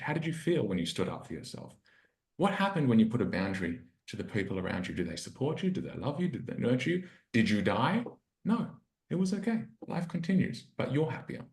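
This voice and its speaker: A man who is a relationship coach, telling a personal story in an earnest, reflective way and acting out his inner dialogue. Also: medium pitch. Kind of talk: storytelling in a podcast interview. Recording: roomy echo.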